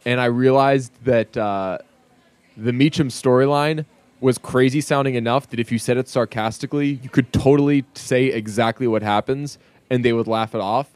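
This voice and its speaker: A man's voice: medium pitch, fairly even intonation, normal speed, a little mellow, clean tone, dry recording. Chatty man on a dry close mic. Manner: chatty, joking, many restarts. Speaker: podcast co-host. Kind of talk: casual chat.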